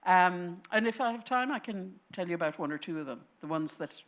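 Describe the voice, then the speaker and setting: Woman on a panel, low voice, chatty storytelling, thinks out loud as she goes. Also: brisk. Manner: animated storytelling, thinking aloud. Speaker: panel speaker on history. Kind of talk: conversational panel talk. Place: lecture panel before an audience.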